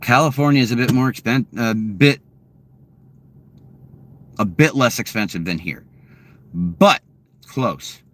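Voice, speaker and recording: A man's voice: medium pitch, unhurried, long pauses, fairly bright tone. A man in his late thirties chatting casually and answering viewers, meandering with many fillers and restarts, often chuckling. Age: 30s. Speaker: streamer answering chat. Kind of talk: rambling casual chat. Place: home.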